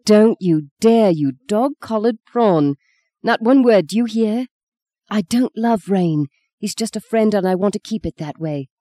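An audiobook reader voicing a fiery young woman who is sharp-tongued and teasing, with a spirited, emphatic manner. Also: mid-range voice, lively intonation, moderate pace, no room sound, studio quality, natural voice. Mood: scolding. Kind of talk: audiobook reading.

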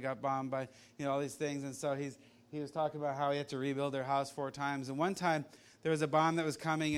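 A man's voice: a little high, smooth. A man preaching a sermon in a conversational, rambling way, full of asides and illustrations. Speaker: pastor.

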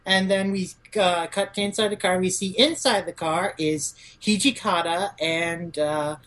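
A man's voice: high-pitched, fairly even intonation, measured pace, fairly bright tone. A young man co-hosting a podcast, casually recapping a manga chapter and slipping into playful character voices. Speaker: podcast co-host.

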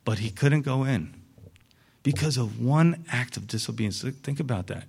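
A man preaching a sermon, animated, acting out the voices in the story with big swings in pitch. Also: moderate pace, creaky, slightly rough. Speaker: pastor.

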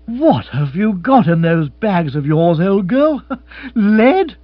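A man's voice: high voice, sing-song, slow pace, no room sound, voice pushed up, full character voice. A man voicing a bumbling, jovial upper-class husband who stammers and chuckles. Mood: flustered, jovial. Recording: dry, slightly dull audiobook.

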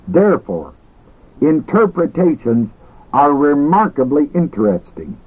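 Slow, deliberate man teaching. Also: fairly high pitch, narrow, tinny audio. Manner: slow, deliberate, repeats key words. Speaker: teacher of ministry. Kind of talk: recorded teaching lecture.

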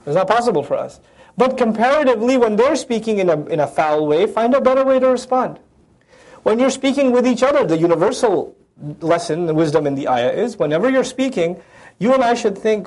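A man lectures on the Quran at a rapid clip, his voice sitting high. He recites Arabic lines and unpacks them with lively, acted-out voices. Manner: animated, acts out voices of the verses; recites Arabic verses then translates. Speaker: Quran teacher.

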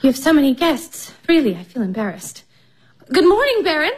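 A woman's voice: sits high, sing-song, brisk. An actress playing a flustered, self-conscious young woman who talks nervously, in a radio drama. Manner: nervous and giggly.

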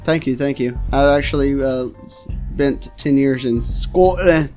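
A man's voice: medium pitch, unhurried, a little mellow, faint music behind, natural voice. A man putting on a mock Scottish brogue and boasting through an absurd tall tale. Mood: boastful.

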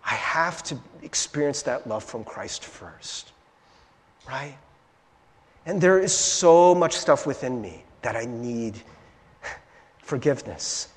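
A man's voice: medium pitch, slow, pauses often. A male pastor preaching a sermon in a conversational way, often checking in with "right?". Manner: animated and conversational, keeps asking "right?". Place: church sanctuary. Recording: long reverb of a large hall.

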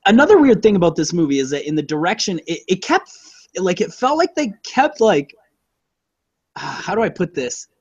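A man's voice: high-pitched, very animated, moderate pace, breathy edge, no echo, highs cut off. A man co-hosting a casual movie-review chat, rambling and profane, with lots of fillers and self-corrections. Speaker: podcast co-host reviewing a movie.

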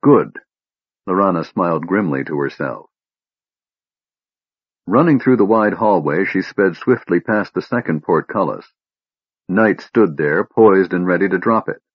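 Audiobook narrator: man, low husky voice, steady measured reading, dry dull recording. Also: no room sound. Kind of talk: scripted fantasy narration.

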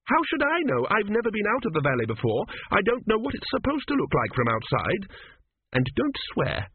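A man's voice: sits high, huge pitch swings, fairly quick, slightly rough, no echo, pitched above the performer's own voice, full character voice. Man putting on a prim, prickly young woman. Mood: indignant. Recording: dry, tinny phone-like sound.

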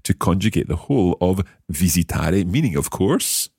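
Male podcast tutor, low husky voice, animated patient drill style. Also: moderate pace, no echo, studio quality. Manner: patient, encouraging, drills pronunciation. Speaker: language podcast host. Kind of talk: teaching.

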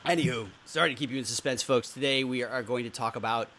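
A man's voice: medium pitch, fast talker, pushed and bright, a little hiss or hum. A man co-hosting a podcast, jet-lagged and rambling with jokes and lots of fillers. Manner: joking, rambling, many fillers. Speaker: podcast co-host. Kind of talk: casual podcast chat.

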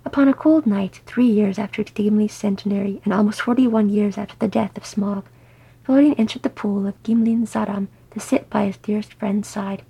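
Gravelly, husky woman reading a story. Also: medium pitch, steady tone, normal speed, warm tone, poor audio. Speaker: audiobook reader. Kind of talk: reading fan fiction aloud.

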